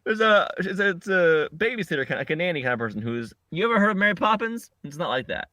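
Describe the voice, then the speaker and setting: A man chatting on a podcast about a film he just watched. He wanders and restarts mid-sentence, with a lively, swinging pitch. The sound is close and dry. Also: fast, no room sound. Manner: rambling, self-correcting, joking. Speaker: podcast co-host. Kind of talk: casual chat recapping a movie. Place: podcast recording setup.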